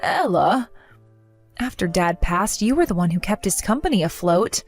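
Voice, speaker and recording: A middle-aged woman playing a resilient mother who gently comforts her grown daughter. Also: on the low side, sing-song, normal speed, faint music behind. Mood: reassuring. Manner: gentle, reassuring.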